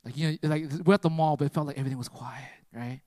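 A man with a high voice preaches through a personal story, dropping to near-whispers and then surging loud. He keeps checking in with the crowd with "right?" The sound is dry and close. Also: steady tone, rapid-fire, dry recording. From United States. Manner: dramatic swings from hushed to loud, constant "right?" tags.

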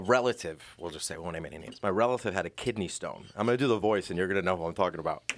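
A man's voice: on the low side, dry recording. A man from Rhode Island co-hosting a podcast, telling rambling, profane stories full of fillers in casual chat.

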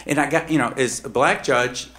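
A middle-aged man telling a personal true story on stage, emphatic and swinging between hushed and heated. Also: mid-range voice, normal speed.

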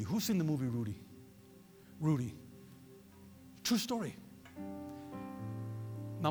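A man preaching a sermon as pastor, swinging between loud peaks and low murmurs. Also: big-room sound. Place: church.

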